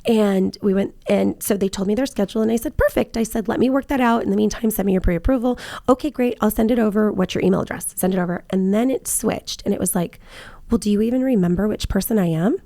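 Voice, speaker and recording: A woman's voice: medium pitch, fast talker, creaky, dark tone, no echo. A woman realtor telling work stories in casual chat, acting out both sides of her phone calls. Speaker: realtor and podcast host.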